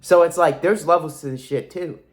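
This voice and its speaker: A young man in his twenties, his throat sore and his nose stuffy, talks in a soft voice that sits a little high for a man. He rambles to camera in a profane, emphatic way, swearing often and repeating himself. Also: normal speed. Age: 20s. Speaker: vlogger. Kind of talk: casual monologue to camera.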